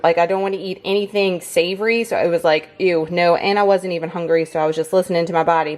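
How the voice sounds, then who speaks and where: A woman with a Southern US accent talks through her day in a relaxed, chatty vlog. She speaks at a middle pitch and addresses her viewers directly, calling them y'all. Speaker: fitness and food vlogger. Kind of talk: casual vlog narration.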